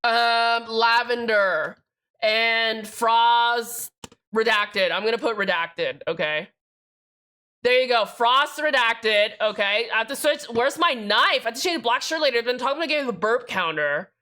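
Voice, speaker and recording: A young woman streaming live, talking to her chat in a loud, excitable way that jumps from joke to joke. Her voice sits a little high and has a sharp, forceful edge. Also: measured pace. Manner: excitable, loud and rambling, jokey.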